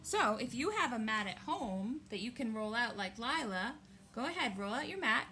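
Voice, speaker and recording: A woman reading a picture book aloud and leading young children through yoga poses, gentle and encouraging. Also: a little high, big pitch swings, moderate pace, echoey room, distant mic, slight background noise. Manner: gentle, encouraging, sing-song teacher's voice.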